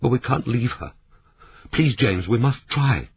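Distressed middle-aged woman publisher, soft pleading voice, husky tone, tinny phone-like sound, as a man reads her. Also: medium pitch, animated, unhurried, voice pushed up, full character voice.

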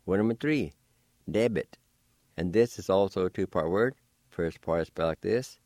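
A man hosting a radio language lesson, spelling out words letter by letter and pronouncing them slowly and patiently. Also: low voice, darkish tone, no room sound, clean studio sound. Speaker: radio host teaching a language. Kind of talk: slow spelling and pronunciation lesson.

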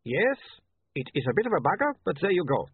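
A man doing an earnest foreign vampire photographer, higher voice. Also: very animated, brisk, breathy edge, full character voice. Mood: stiff. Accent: foreign put-on accent. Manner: earnest, stiff phrasing. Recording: tinny phone-like, dry.

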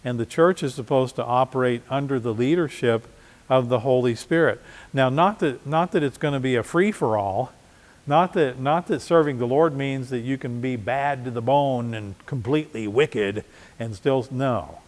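Male pastor, mid-pitched voice, conversational sermon, restarts, long hall reverb. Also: normal speed. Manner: conversational preaching with repeated restarts. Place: church.

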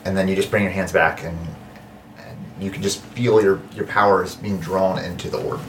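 Low-voiced, halting game master. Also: male voice, steady tone, background noise. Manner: halting, searching for words, frequent restarts. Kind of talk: narrating a tabletop game.

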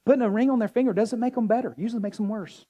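A man preaching a sermon as pastor, animated and joking with the congregation. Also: very high voice, very fast, muffled recording. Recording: long hall reverb.

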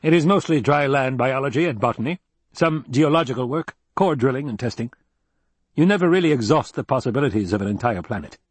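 A man's voice: mid-range voice, expressive, a little fast, slightly rough, dry recording, voice pushed up. A man voicing a stiff, guarded male planetologist in an audiobook, speaking in a curt, clipped way. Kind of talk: audiobook character reading.

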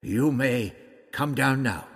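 A man voicing a haughty, self-assured elderly male time traveller who speaks in a measured, precise way in a storybook reading. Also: medium pitch, in a large hall, pitched above the performer's own voice.

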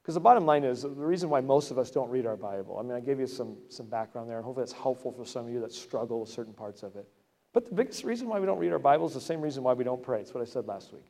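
A man's voice: mid-range voice, expressive, rapid-fire, gravelly, a little mellow. A man preaching a sermon to his congregation, talking in a conversational way that climbs to emphatic peaks. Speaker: pastor. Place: church sanctuary. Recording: long hall reverb.

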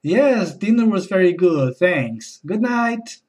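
A man hosting a comedy podcast, playing a baffled dinner guest with slow, hesitant, bewildered replies. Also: high-pitched, big pitch swings, darkish tone. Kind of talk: comedy sketch and podcast narration.

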